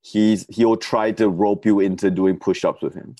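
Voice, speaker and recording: A man's voice: on the low side, steady tone, normal speed, warm tone, dry recording. A laid-back man co-hosting a casual comedic chat over a video call, laughing often.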